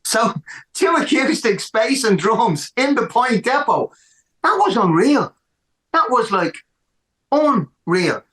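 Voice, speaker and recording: Animated Irish musician, echoey room. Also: male voice, extremely high pitch, slow. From Ireland. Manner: animated, repeats words for emphasis. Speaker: musician guest. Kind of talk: casual storytelling interview.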